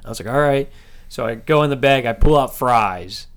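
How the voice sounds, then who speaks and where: A young man in his early twenties co-hosting a podcast, telling stories in a casual, animated way and laughing often. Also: medium pitch, moderate pace, clear, resonant tone. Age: early 20s. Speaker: podcast co-host. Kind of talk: casual chat.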